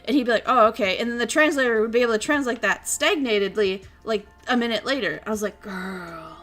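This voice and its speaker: A woman streamer chatting casually, telling a story in an excitable way, laughing often and acting out what people said. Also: on the high side, fast talker, soft background music. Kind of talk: casual chat.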